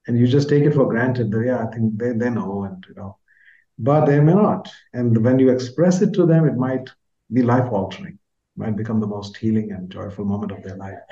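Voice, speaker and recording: A reflective man in his sixties from India speaks earnestly, his voice dark and mellow. His sentences trail off into softness. The audio sounds slightly muffled and lo-fi. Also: medium pitch, fairly quick. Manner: earnest, heartfelt, trails off softly at phrase ends. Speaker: guest author. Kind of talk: reflective personal storytelling.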